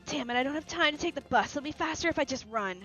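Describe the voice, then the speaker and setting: A woman's voice: high voice, animated, quick pace, bright, forceful tone, pitched above the performer's own voice. A woman reading as an upbeat young heroine. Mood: cheerful. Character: upbeat young heroine exploring a big city. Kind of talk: reading game dialogue aloud. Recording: lo-fi with faint music.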